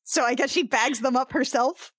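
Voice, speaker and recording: A woman playing a tabletop game, chatty and quick to laugh. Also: sits high, a bit bright, dry recording, studio quality. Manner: giggly, chatty. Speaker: player. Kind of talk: casual tabletop play.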